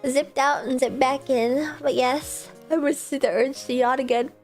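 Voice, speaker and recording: A woman streamer chatting casually and rambling at the end of a gaming stream, sleepy and a little hoarse. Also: high-pitched, fairly even intonation, moderate pace, a little mellow. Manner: chatty, rambling, self-deprecating. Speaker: video game streamer. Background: faint background music.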